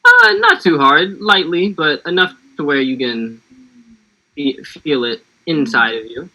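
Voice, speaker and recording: Easygoing American man, very bright tone. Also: on the high side, sing-song, a little slow, poor audio. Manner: easygoing, giggly, gently guiding. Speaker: guest actor. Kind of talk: casual chat, leading a warm-up.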